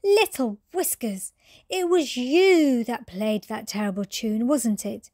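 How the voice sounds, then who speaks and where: A woman's voice: fairly high pitch, slow, darkish tone, no room sound, studio quality. A woman doing an earnest little girl. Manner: gasping, earnest, scolding then pleading. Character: kind young girl, a cat owner. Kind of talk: bedtime storybook voice.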